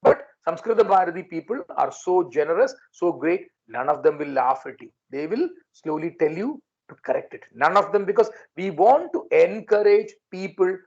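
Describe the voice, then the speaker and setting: A man leads a class, patiently repeating each word for his students. His voice has a gravelly, creaky edge. The audio is dull and lo-fi. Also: sits high, expressive, moderate pace, darkish tone. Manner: patient, repeats and drills words. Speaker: language teacher. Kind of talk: online class lesson.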